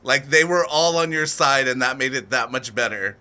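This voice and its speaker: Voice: mid-range voice, moderate pace, pushed and bright. A man co-hosting a podcast, chatting casually, laughing often and teasing his co-host. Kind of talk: casual chat.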